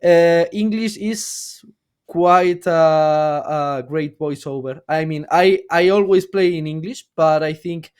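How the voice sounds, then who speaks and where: A man from Spain with a Spanish accent, a non-native speaker chatting as a podcast guest, pausing and searching for words. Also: a little high, smooth. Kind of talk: casual podcast chat.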